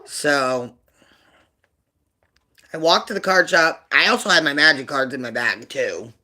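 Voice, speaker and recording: A man hosting a livestream, telling a personal story in a rambling, halting way with many fillers, subdued and emotional over painful memories. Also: fairly high pitch, expressive, pushed and bright. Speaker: livestream host.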